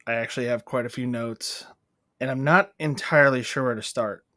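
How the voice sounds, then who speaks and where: A man co-hosting a casual movie review, talking at length in a loose, animated way. His voice sits in a middle range and is recorded dry and close, with no room sound. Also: medium pitch, brisk, no room sound. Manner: rambling, animated, acts out quotes. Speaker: podcast co-host.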